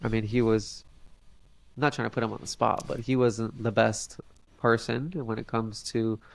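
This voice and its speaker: A young man, a podcast guest, telling a long story in a halting way with many fillers and restarts. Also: on the low side, level tone, vocal fry. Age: young adult. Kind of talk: casual storytelling interview.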